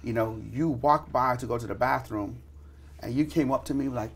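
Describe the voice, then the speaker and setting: A man hosting a casual interview, telling stories excitedly and leaning heavily on filler words. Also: mid-range voice, normal speed, slightly rough. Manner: excitable storyteller, heavy "you know" fillers. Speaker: podcast host.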